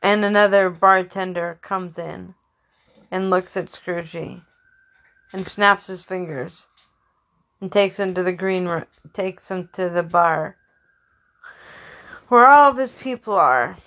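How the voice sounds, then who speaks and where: Lady making up a funny story as she goes, slow, fixes her words a lot. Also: on the low side, flat delivery, a bit bright. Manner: loose, with restarts and self-corrections. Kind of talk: improvised comic storytelling.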